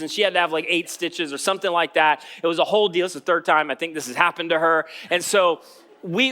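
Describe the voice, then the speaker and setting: A man's voice: high voice, bright, forceful tone. A man preaching a sermon as pastor, telling a story in a casual, joking way. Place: church stage.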